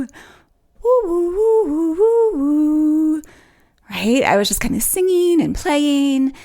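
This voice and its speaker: A woman hosting a solo podcast, talking in a melodic, playful way that swoops up in pitch to make her points. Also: vocal fry, darkish tone. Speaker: podcast host.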